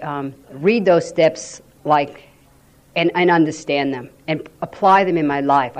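Low-voiced woman telling her story. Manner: animated storyteller, acting out quoted voices. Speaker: member sharing at a recovery meeting. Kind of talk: personal recovery testimony.

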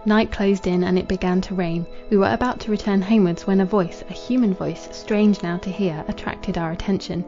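Mellow-voiced woman narrating solemnly. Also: mid-range voice, steady tone, highs cut off, faint music behind. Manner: measured, solemn. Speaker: audiobook narrator. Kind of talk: scripted narration of a classic novel.

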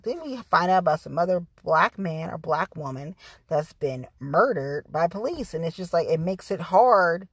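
Animated woman venting on her podcast. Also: lowish voice, slightly rough, no room sound. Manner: candid, profane, talks straight to listeners. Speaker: podcast host. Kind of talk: casual podcast monologue.

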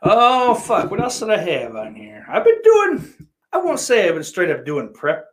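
Brief: male podcast host, lively pitch, foul-mouthed and sarcastic, loud one moment and muttering the next. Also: moderate pace. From Irish heritage. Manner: profane, sarcastic, with big swings in loudness. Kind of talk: casual chat reading viewer comments.

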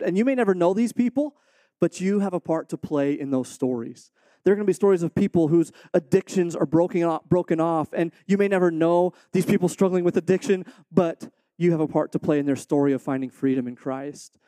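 Man, missionary guest preacher, high voice, dry close sound, earnest and animated storytelling. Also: no room sound. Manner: earnest, animated storyteller who acts out quotes. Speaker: missionary speaking to a supporting church. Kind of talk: sermon with a personal story.

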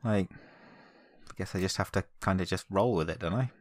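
A man's voice: low voice, moderate pace, no echo, studio quality. A man playing a tabletop game, wry and mischievous as he plans his move. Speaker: player. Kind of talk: casual tabletop game chat.

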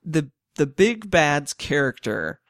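A man's voice: fairly high pitch, very animated, slow pace, a bit bright, no room sound, clean studio sound. A man co-hosting a podcast, chatting casually about a film, often restarting his sentences and laughing along. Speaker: podcast co-host.

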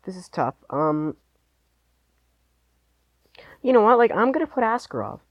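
A podcast co-host speaks in a high, sing-song voice at an unhurried pace, with no echo but a muffled recording. He chats casually about sports, rambling and hedging his picks with lots of "like"s.

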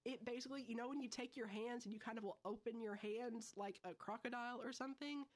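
Young woman podcast host, chatty and quick, slangy asides, recapping a movie. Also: a little high. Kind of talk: casual film review chat.

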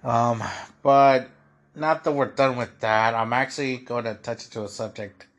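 A man's voice: mid-range voice, steady tone, moderate pace. A young man hosting a podcast, talking through his frustrations in a rambling, casual monologue full of "dude" and "like.". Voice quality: husky. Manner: rambling, repeats "dude" and "like" often. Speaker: podcast host.

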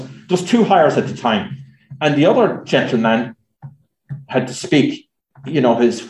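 This Irish journalist and speaker, a man from Ireland, answers questions from the audience at a talk, chatting and telling anecdotes with plenty of fillers. He has a mid-range, darkish voice, and the room adds a noticeable echo.

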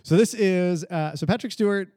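A man's voice: sits high, normal speed, dark tone, dry recording, clean studio sound. A man co-hosting a podcast in casual chat, thinking aloud and restarting his sentences as he talks. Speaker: podcast co-host.

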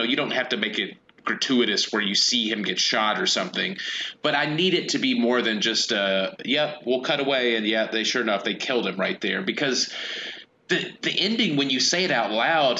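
Bright-voiced man discussing a film. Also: mid-range voice, a little hiss or hum, low-quality recording. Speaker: podcast co-host.

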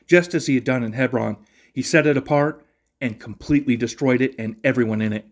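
Man reading scripture, steady measured cadence. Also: mid-range voice. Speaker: podcast host reading scripture and devotional. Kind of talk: Bible reading and devotional reflection.

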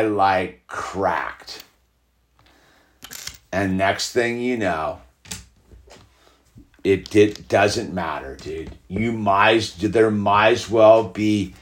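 A middle-aged man hosting a podcast, talking in a rambling, heated, casual way, full of "like" and "dude". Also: medium pitch. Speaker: podcast host. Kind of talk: casual spiritual monologue.

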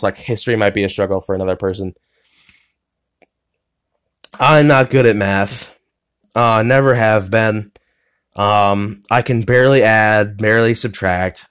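A man's voice: lowish voice, smooth. Young man rambling on a solo podcast. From United States. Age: young adult. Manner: casual, swears, lots of fillers and restarts. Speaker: podcast host. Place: his bedroom.

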